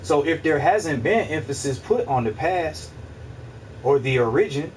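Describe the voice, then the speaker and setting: A man hosting a casual livestream, musing out loud in a rambling, profane way, repeating himself and answering his chat. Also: a little high, animated, measured pace, distant mic, slight background noise, rough recording. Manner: rambling, profane, repeats himself, asks listeners if they follow. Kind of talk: casual philosophical monologue.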